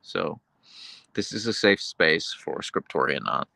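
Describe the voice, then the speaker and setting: A man's voice: extremely low pitch, animated, unhurried, creaky, pushed and bright, dry recording. A man hosting a livestream, reading viewer messages and rambling casually with lots of fillers and self-corrections. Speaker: livestream host reading chat.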